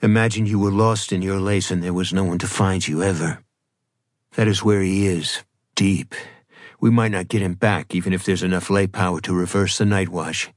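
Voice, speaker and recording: A man's voice: lowish voice, steady tone, moderate pace, no room sound, studio quality, pitched below the performer's own voice, lightly acted. A man voicing a terse, agitated young man in an audiobook, speaking in short, urgent orders. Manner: clipped and urgent.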